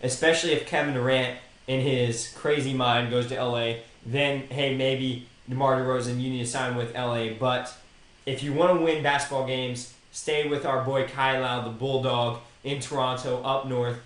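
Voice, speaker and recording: A man's voice: medium pitch, fairly even intonation, normal speed, fairly bright tone. A young man co-hosts a casual sports podcast. He gives his opinions and speaks directly to the players he discusses. His voice carries a roomy echo. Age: young adult. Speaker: podcast co-host.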